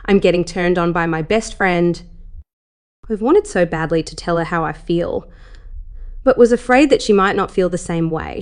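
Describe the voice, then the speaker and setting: Woman narrator, slightly low voice, soft intimate storytelling, gets breathless at times. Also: smooth. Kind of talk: first-person erotic story reading.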